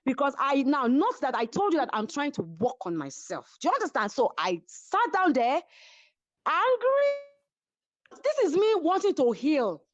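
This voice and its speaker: A woman with a Nigerian accent, telling a story with lively energy in an interview over a video call, acting out what others said. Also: high voice, normal speed, no echo, muffled recording. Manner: acts out other people's voices while retelling. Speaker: reality show cast member, guest.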